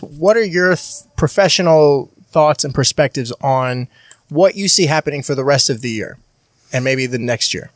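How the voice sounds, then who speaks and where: Male co-host, fairly high voice, animated casual chat, dry close mic. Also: normal speed, no room sound. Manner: animated, many "like" fillers. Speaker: podcast co-host.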